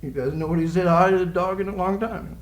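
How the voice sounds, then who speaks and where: A man's voice: sits high, fast talker. A man giving a live poetry reading with playful, rambling asides, chuckling between lines. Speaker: poet. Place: college social room with audience. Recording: echoey live room recording.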